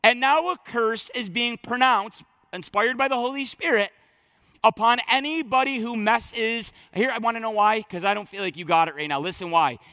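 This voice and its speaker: A man preaching a sermon to his congregation, talking straight to them with emphatic, conversational delivery that drops low and surges back up. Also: normal speed, pushed and bright. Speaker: pastor. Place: church sanctuary.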